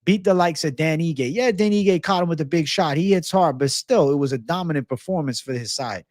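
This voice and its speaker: A man's voice: on the high side, a little fast, darkish tone, no echo, clean studio sound. A man hosting a livestream of fight picks and betting odds, brash and profane, thanking donors and urging likes. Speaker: MMA betting livestream host.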